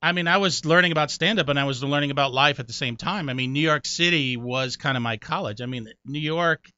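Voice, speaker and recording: A middle-aged man with a bright, forceful voice tells stories as a comedian guest, lively and quick to mimic others. The sound is dry and a little muffled, with no room around it. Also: smooth, dry recording. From Connecticut, USA. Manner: animated storyteller, jumps high doing other people's voices. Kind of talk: storytelling interview.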